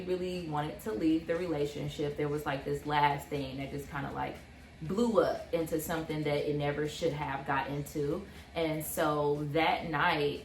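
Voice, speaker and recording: A young woman in her twenties, casually telling a personal story on a couple's vlog, animated and full of fillers. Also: sits low, reverberant. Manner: animated, many fillers, acts out quotes. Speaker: vlog co-host.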